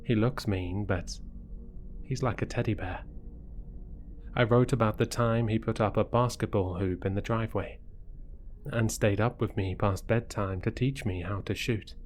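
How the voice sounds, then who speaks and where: A man reading a horror story aloud in a measured, scripted narration. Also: lowish voice, steady tone, a little hiss or hum. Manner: slow, measured storytelling delivery.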